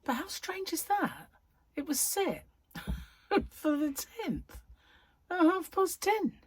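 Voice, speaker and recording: A woman's voice: extremely high pitch, takes it slowly, no room sound. A middle-aged woman, a crochet vlogger, chatting casually to her viewers and telling stories with laughter. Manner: chatty, laughing, animated storyteller.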